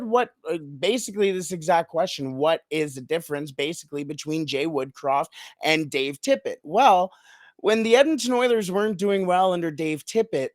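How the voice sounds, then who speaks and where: A man talking hockey as a podcast guest, animated and laughing often, building to points with dramatic pauses. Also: on the high side, dry recording, studio quality. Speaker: podcast guest, team analyst. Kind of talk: casual sports podcast chat.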